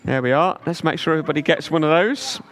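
Male storyteller for kids, slightly high voice, coaxing, dramatic pauses. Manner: gentle and coaxing, drawn-out emphasis. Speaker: children's talk leader at church. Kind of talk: storytelling to children.

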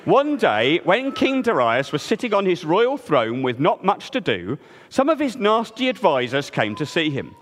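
A man telling a story to a live audience in a playful, expressive way, inviting listeners to join in. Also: high voice, moderate pace, a little hiss or hum. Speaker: children's storyteller. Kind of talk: animated storytelling with audience participation. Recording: reverberant hall.

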